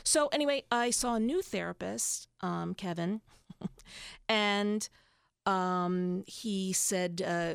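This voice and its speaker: A woman's voice: fairly low pitch, slow, creaky, smooth, dry recording, clean studio sound. A woman in her fifties telling candid personal stories in casual chat, emotional and rambling, with lots of fillers and restarts. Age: 50s. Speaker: podcast guest.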